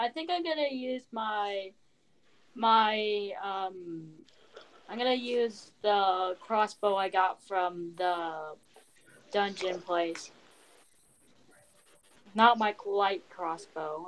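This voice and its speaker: A woman's voice: mid-range voice, slow, pauses often. A young woman playing a tabletop game, talking casually and hesitantly with many ums and restarts. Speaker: player.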